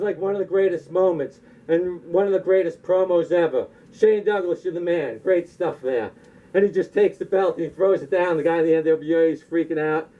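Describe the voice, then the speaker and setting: Rambling high-voiced man. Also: warm tone. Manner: rambling, full of "like" fillers. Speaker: comedian. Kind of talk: rambling comedic monologue. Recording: dull lo-fi recording.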